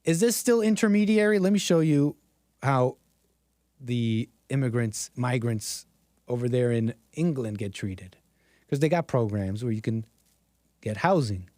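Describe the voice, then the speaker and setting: A man's voice: medium pitch, measured pace, darkish tone, no room sound, studio quality. A man streaming casual commentary over video clips, rambling and sarcastic, with frequent restarts.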